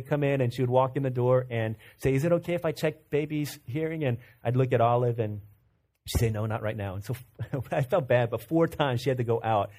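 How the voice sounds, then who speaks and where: A man's voice: mid-range voice, darkish tone. A male pastor preaching a sermon in a conversational storytelling way, often repeating and restarting words as he builds to fervent points.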